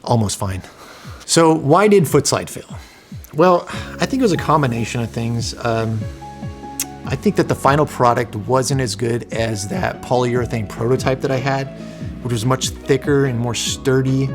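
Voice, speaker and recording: A man's voice: medium pitch, moderate pace, music in the background. A man in his thirties telling a personal story in an earnest, emotional way, with many fillers and restarts. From Southern California. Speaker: vlogger, inventor.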